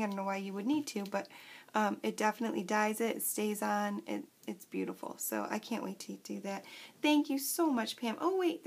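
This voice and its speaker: Gushing woman with a gravelly edge. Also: medium pitch. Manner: gushing, excitable, chatty. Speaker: craft vlogger. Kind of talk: casual unboxing chat.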